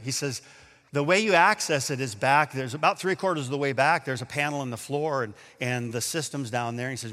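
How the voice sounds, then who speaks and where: A man preaching a sermon, telling a story and acting out the quotes with lively energy. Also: mid-range voice, moderate pace, in a large hall. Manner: animated storyteller, acts out quotes. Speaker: pastor.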